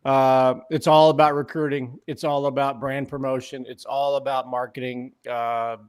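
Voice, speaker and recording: A man's voice: medium pitch, little pitch movement, normal speed, clear, resonant tone. A man co-hosting a sports talk show, making his points emphatically and repeating them, with fillers like uh and um. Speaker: sports radio co-host.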